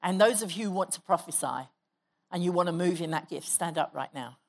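A woman pastor preaches to her congregation in a fairly low voice. She exhorts her listeners and leads them in spoken prayer. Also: brisk. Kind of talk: sermon with prayer and prophecy. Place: church hall.

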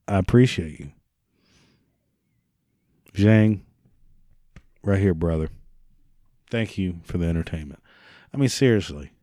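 A man's voice: fairly low pitch, warm tone, no room sound, clean studio sound. A man hosting a solo podcast, reading and riffing with sarcastic, profane, rambling asides. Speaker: podcast host.

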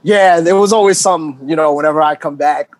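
A man who is a DJ guest, talking in a relaxed way with frequent ums and laughs. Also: fairly high pitch, fairly quick, dry recording. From New York. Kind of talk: casual chat.

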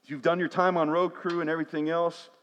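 A man's voice: fairly high pitch, flat delivery, quick pace, fairly bright tone, lo-fi sound. A man, a pastor preaching a sermon with call-and-response refrains. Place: church sanctuary. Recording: long hall reverb.

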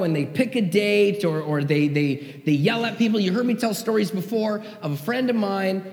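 A man's voice: high voice, measured pace, darkish tone. A male pastor preaching a sermon in a conversational, emphatic way and often checking in with his listeners. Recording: echoey hall.

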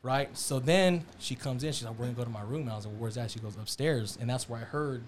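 A young man telling a story in casual chat, animated and slangy, acting out the quotes. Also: medium pitch, quick pace, a little hiss or hum. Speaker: storyteller on a podcast.

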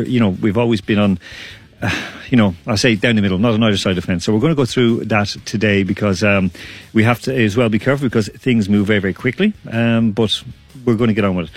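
Chatty low-voiced male radio sports host. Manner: chatty, rambling, self-deprecating with many fillers. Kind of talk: casual radio sports roundup. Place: radio studio.

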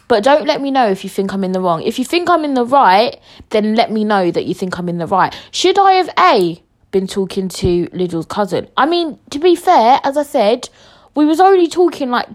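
Brash, jokey woman ranting. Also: on the high side. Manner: brash, jokey and swearing, rambling rants. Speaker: podcast host. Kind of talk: casual story-time monologue.

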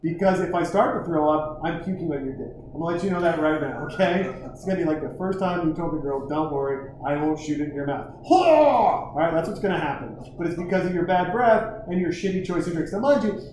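A man's voice: high-pitched, animated, a little fast, few pauses, a little mellow, very echoey, a little hiss or hum, rough recording. A man telling a crude, rambling, self-mocking comic story and acting out the other people in it.

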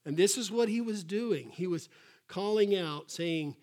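A man preaching a sermon as pastor, animated, acting out quotes in a raised voice and dropping to soft asides. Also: high-pitched, a little slow.

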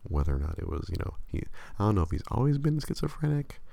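A man's voice: on the low side, sing-song, fast talker, creaky, mellow, no echo. A man hosting a show, chatting casually and rambling with many stammered restarts. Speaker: podcast host. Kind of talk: casual chat.

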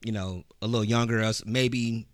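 A man from Cleveland hosting a casual podcast, speaking in a steady, reflective way and steering the topic. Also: on the low side, normal speed, no echo, clean studio sound. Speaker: podcast host.

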